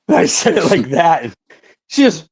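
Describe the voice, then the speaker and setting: A man's voice: a little high, very animated, unhurried, darkish tone, husky. A middle-aged man telling a story in casual podcast chat, swearing a lot and saying "like" and "right" often.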